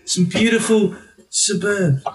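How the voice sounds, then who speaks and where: A man playing a tabletop game, talking excitably and tripping over his words. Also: high-pitched, takes it slowly, low-quality recording. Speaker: player.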